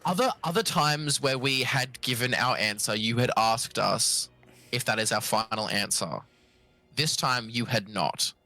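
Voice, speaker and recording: A man's voice: medium pitch, measured pace, sharp tone, dry recording. A man playing a tabletop game, pleading and arguing his case to the game master in a playful way. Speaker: player.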